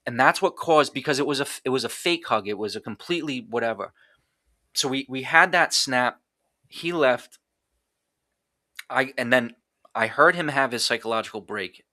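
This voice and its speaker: A man's voice: medium pitch, lively intonation, normal speed, pauses often, pushed and bright, dry recording, studio quality. A man telling a raw personal story in a blunt, intense way, with heavy swearing and many restarts. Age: adult. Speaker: podcast guest.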